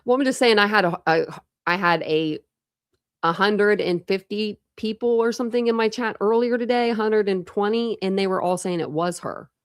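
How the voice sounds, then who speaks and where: A woman's voice: medium pitch, normal speed, smooth, no echo, clean studio sound. A woman chatting casually on a true crime live stream, rambling with lots of fillers and talking to her chat.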